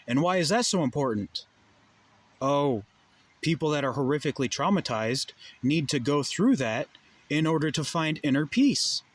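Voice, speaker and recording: A young adult man delivering a heated, profane monologue full of rhetorical questions. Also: mid-range voice. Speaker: vlogger. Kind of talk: ranting monologue.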